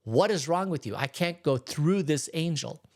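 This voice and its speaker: A man's voice: a little high, expressive, moderate pace. A man voicing a bewildered male donkey who is exasperated with his master and pleads in disbelief. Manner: incredulous, pleading.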